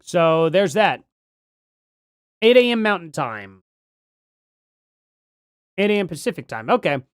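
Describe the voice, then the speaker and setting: A middle-aged livestream host rambles through a casual chat, reading comments aloud and thinking out loud with many ums, restarts and trailing-off moments. His smooth voice moves slowly with big pitch swings, and the recording is dry and close with almost no room echo.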